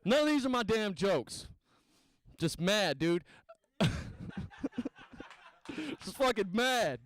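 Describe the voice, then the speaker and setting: Profane rambling stand-up comic. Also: male voice, high voice, expressive, takes it slowly, a bit bright, dry recording. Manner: profane, rambling, self-mocking. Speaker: stand-up comedian. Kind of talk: interview then stand-up set. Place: small comedy venue. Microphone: handheld stage mic.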